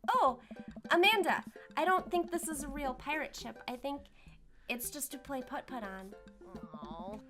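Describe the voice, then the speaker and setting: A woman's voice: sits high, expressive, measured pace, long pauses, music in the background. Woman reading as a playful young girl.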